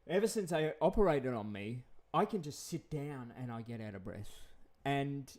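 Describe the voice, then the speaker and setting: A man talks casually in a vlog, drifting from one thought to the next. He repeats words and chuckles often, and his voice sits at a middle pitch. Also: expressive, moderate pace, a little mellow. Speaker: vlogger. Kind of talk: casual rambling monologue.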